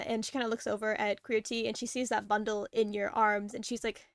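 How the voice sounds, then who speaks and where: A woman's voice: medium pitch, flat delivery, fairly quick, few pauses, dry recording, studio quality. A woman running a tabletop game as dungeon master, narrating in a rambling, filler-heavy way. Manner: rambling, filler-heavy storytelling with acted-out snippets.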